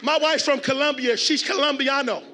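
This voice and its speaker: A man delivering a motivational keynote to a conference crowd, preacher-style, with call and response and shouted refrains. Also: very high voice, steady tone, normal speed, faint music behind. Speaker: keynote speaker. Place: large conference hall with audience.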